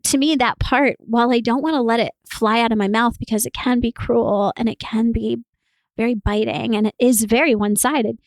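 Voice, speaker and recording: A woman co-hosting a casual podcast conversation, talking in an animated way and laughing often as she explains. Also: on the high side, normal speed, no echo. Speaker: podcast co-host.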